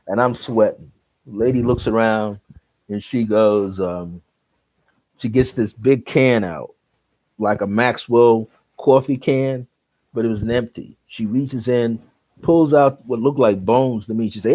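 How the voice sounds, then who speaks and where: Mellow-voiced man telling a lively story. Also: mid-range voice, a little slow, no echo. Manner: animated, laughs while telling, acts out the scene. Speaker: spiritual group speaker. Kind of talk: spoken storytelling.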